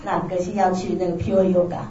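A woman interpreting a talk phrase by phrase, quick and plain, echoing the speaker's tone. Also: fairly low pitch, flat delivery, dark tone, a little hiss or hum. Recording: distant, roomy, dull lo-fi sound with faint ambience.

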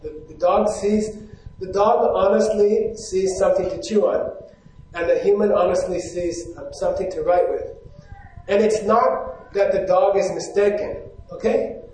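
A man's voice: high-pitched, steady tone, measured pace, a little mellow, recorded from a distance. A man giving a live Buddhist teaching to an audience from a stage, often stopping to ask questions and check that they follow. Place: hall with a stage. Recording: very echoey hall.

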